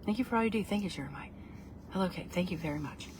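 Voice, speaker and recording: Playful woman, lowish voice. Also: rapid-fire, noisy background. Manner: playful, rambling, breaks into put-on voices. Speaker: vlogger reviewing food. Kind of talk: casual chatty vlog.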